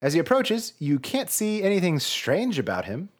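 A man reading a gamebook aloud with comedic asides on a podcast, animated and swearing. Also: high-pitched, moderate pace. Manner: animated, swearing, mock-dramatic. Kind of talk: comedic read-through with commentary.

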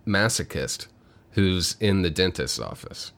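A podcast co-host retells a movie plot casually, laid-back and full of fillers, with the odd swear word. His voice is low and a bit bright, with vocal fry and a sing-song lilt at a measured pace.

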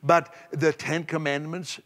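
A man pastor preaching a sermon, swinging from loud emphasis to soft, low asides. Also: level tone, unhurried, in a large hall.

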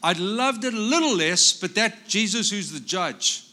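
A man from Africa, a pastor, preaching a sermon in an animated, storytelling way. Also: high voice, measured pace.

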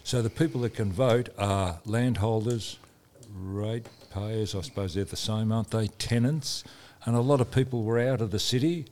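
A man's voice: on the low side, normal speed, hardly any pauses, darkish tone, a little hiss or hum. A man, a regular on a radio chat, rambling and opinionated. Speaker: regular guest.

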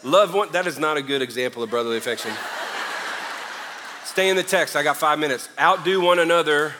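A middle-aged man with a Southern accent preaching a sermon, animated and joking, swinging between loud and quiet. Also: fairly high pitch, brisk, background noise. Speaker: pastor. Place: church sanctuary. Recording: long hall reverb.

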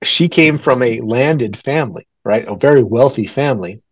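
A man's voice: mid-range voice, expressive, normal speed, dry recording, muffled recording. A man from New Mexico co-hosting a podcast in casual chat. He rambles and hedges, with frequent chuckles. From New Mexico, USA. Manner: rambling and hedging, chuckling often. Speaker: podcast co-host.

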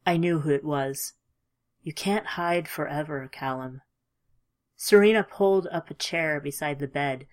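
A woman reading a first-person story aloud in a measured, emotive way, dropping at times to a hush. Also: low-pitched. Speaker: audiobook narrator. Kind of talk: scripted audiobook narration.

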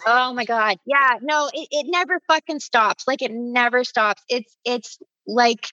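A woman from Canada hosting a casual podcast chat, blunt and quick to swear. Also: on the high side, sharp tone, dry recording, muffled recording. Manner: blunt, swears freely, quick back-channel replies. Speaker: podcast host.

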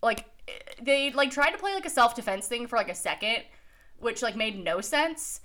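A woman's voice: a little high, expressive, normal speed, pushed and bright. Chatty woman podcast co-host. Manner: laughs often, heavy use of "like", swears casually. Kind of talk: casual chat.

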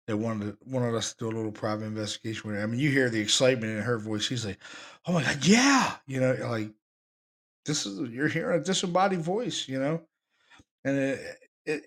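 Excited man hosting a ghost-hunting podcast. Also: medium pitch. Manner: excited, enthusiastic, repeats himself. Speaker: podcast host, paranormal investigator. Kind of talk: podcast talk about recordings.

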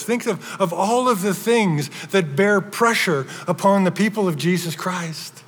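A man's voice: high voice, a little slow, few pauses, slightly rough. A man preaching a sermon as pastor, earnest, with frequent restarts and building emphasis. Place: church sanctuary. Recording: long hall reverb.

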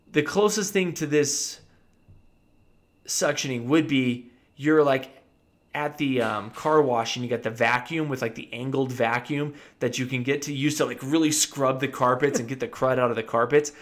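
A dentist telling a funny story from his practice in a casual chat, animated and often laughing. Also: mid-range voice, moderate pace. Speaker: podcast co-host.

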